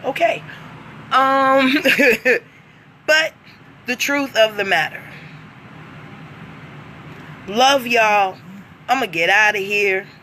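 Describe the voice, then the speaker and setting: A woman's voice: a little high, drawn-out words, pauses often, sharp tone, slight background noise. A woman vlogging in a casual monologue, blunt and profane, laughing often between lines.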